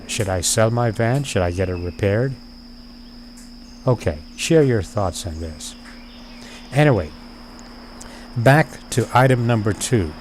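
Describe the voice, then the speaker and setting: A man with a lowish voice talks in a measured, deliberate way, with dry wit. It sounds like a personal video diary. Crickets and insects chirp faintly behind him. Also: slight background noise. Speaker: vlogger.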